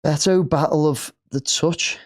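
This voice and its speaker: A man's voice: fairly high pitch, steady tone, unhurried. A man with an English accent hosting a live football watch-along, chatting casually and cheering at the play.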